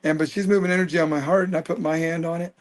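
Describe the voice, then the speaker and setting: A man in his fifties telling a personal story as an interview guest, earnest and animated. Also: a little high, racing. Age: 50s.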